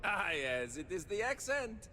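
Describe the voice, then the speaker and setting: Game trader NPC, with an odd mixed accent, fairly high and animated, formal sales patter. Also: male voice, unhurried, long reverb tail, a little hiss or hum, exaggerated voice. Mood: friendly. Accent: unplaceable mix from life among ships. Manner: formal, avoids contractions, salesman's charm. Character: chatty smooth-talking male space trader. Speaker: shopkeeper and trader. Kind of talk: video game dialogue.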